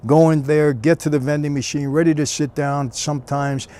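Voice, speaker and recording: A man's voice: on the high side, fairly even intonation, normal speed, dark tone. A man telling a personal story in a casual, conversational way, often dropping in "you know.". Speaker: storyteller recounting prison years.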